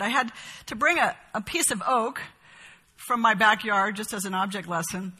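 A woman teaching a Bible study, reading verses aloud and explaining them in an expressive, emphatic way. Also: medium pitch, normal speed, husky, big-room sound.

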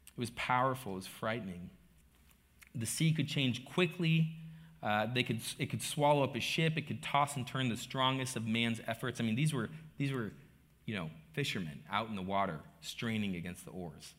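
A middle-aged man, a pastor preaching a sermon, telling the story with rhetorical questions and swinging between quiet asides and loud emphasis. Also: medium pitch, expressive, normal speed.

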